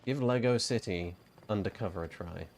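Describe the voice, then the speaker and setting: A man's voice: fairly low pitch, moderate pace, a little hiss or hum. A man giving laid-back, casual commentary while he streams a game and swears freely.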